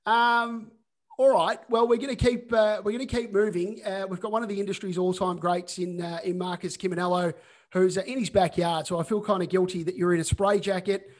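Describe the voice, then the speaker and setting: Chatty man hosting, high voice. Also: fairly even intonation, fairly quick. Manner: chatty, filler-heavy. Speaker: podcast host. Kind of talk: casual video-call chat. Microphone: video call.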